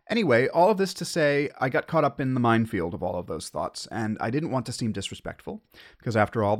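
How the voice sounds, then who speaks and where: An American man hosting a podcast, talking through his thoughts in a wry, self-questioning solo monologue. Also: mid-range voice. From United States. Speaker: podcast host.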